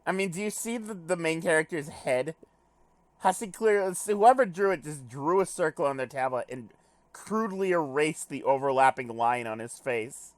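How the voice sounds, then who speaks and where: Animated young man reading a game aloud. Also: a little high, moderate pace, no echo. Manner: animated, swears casually, jokes at himself. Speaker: let's play gamer. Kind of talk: reading game text aloud with casual commentary.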